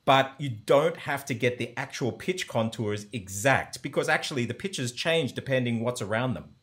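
A man's voice: mid-range voice, expressive, moderate pace, fairly bright tone. Man eagerly explaining sounds. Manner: enthusiastic, explanatory, demonstrates sounds aloud. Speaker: language teacher. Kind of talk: conversational explanation.

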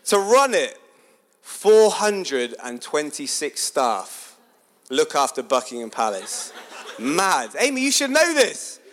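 Chatty guy doing a sermon-style story talk, keeps asking the crowd questions, voice a bit on the high side. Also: slow pace. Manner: animated, chatty, asks the audience questions.

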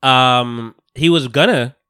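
With a clear, resonant mid-range voice, a male podcast host takes his time going over a TV episode. The recap is casual and animated, with plenty of laughs and characters acted out.

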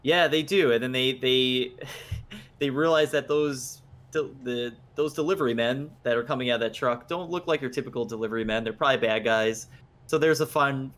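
A man's voice: medium pitch, a bit bright. A man co-hosting a movie podcast, recapping scenes eagerly with frequent restarts. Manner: enthusiastic, stumbling restarts. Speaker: podcast co-host. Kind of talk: casual movie recap chat.

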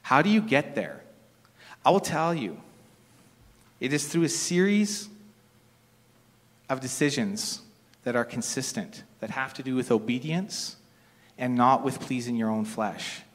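A man's voice: medium pitch, lively intonation, measured pace, pauses often. Middle-aged male preacher in a reverberant hall. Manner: conversational, storytelling with casual restarts. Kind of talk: sermon. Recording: long reverb of a large hall.

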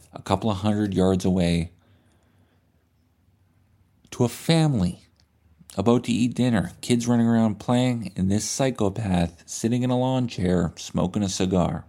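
A man hosting a podcast, casually retelling a movie in a profane, animated way. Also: deep voice. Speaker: podcast host. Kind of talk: casual storytelling chat.

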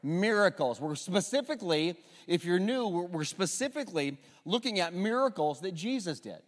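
A man's voice: high voice, lively intonation, moderate pace, in a large hall. A man pastor opening a Sunday service, leading the congregation in call-and-response and building toward introducing a guest speaker. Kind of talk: sermon introduction. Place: church sanctuary.

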